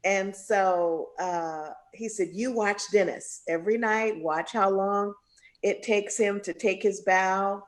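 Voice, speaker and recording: A woman spinning a story in a conversational interview, jumping high and low as she acts out the people she quotes. Her speaking voice sits in a middle register and her delivery is lively and expressive. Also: slow pace. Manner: animated storyteller, acts out quoted voices with big pitch jumps. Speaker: jazz singer, guest.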